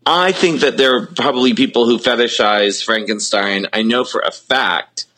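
A man's voice: mid-range voice, normal speed, bright, forceful tone. A man talking in a casual podcast chat, hesitant, with frequent restarts. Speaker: filmmaker guest.

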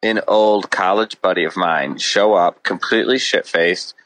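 A man's voice: low voice, a little slow, a bit bright, no echo, rough recording. Rambling, profane male storyteller. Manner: rambling, swears freely, many "like" fillers. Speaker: guest musician. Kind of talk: casual storytelling in a podcast chat.

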